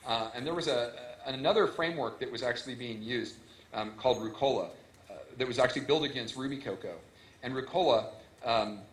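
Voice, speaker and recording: A man giving a relaxed, enthusiastic technical talk at a conference, explaining things step by step. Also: medium pitch. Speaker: conference speaker. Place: conference hall. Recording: echoey conference hall.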